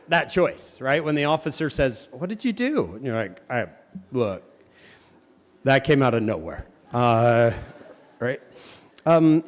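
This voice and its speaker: A man giving a playful, joking devotional talk to a youth audience, firing quick questions at the crowd. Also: fairly high pitch. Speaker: youth speaker. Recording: long hall reverb.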